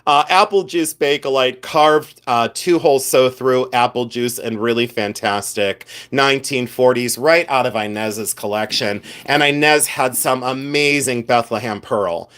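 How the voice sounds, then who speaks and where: A man's voice: mid-range voice, unhurried, hardly any pauses, a bit bright. A man hosting a live stream, chatting casually and playfully with viewers, teasing and laughing often. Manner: chatty and effusive.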